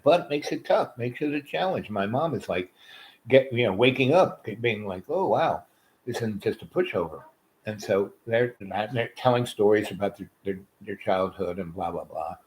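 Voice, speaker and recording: Rambling male storyteller, lowish voice. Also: normal speed, low-quality recording. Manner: loose, full of fillers and asides.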